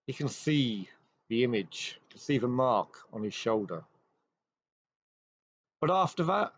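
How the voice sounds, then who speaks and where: A man hosting a show, retelling an old ghost story with measured pacing and dramatic pauses. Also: mid-range voice. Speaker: host. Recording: dry, slightly dull recording.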